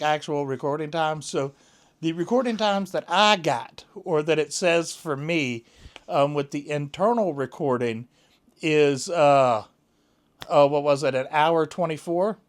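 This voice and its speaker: A man chatting casually to camera at home, rambling along with plenty of fillers and restarts. His voice sits fairly high and comes across smooth and clear. He takes his time, talking slowly. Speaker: vlogger.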